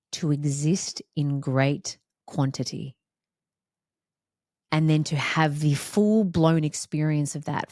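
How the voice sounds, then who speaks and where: A woman's voice: deep voice, dark tone, dry recording, clean studio sound. A woman hosting a reflective solo podcast, talking in an emphatic, repetitive, heartfelt way. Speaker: podcast host.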